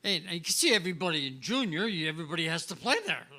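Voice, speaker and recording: A man's voice: on the high side, rapid-fire. An older man from Canada, a former hockey player, telling rambling anecdotes as a guest and acting out the dialogue. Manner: rambling, animated, acts out dialogue. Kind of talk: casual anecdotal storytelling. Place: restaurant, live show.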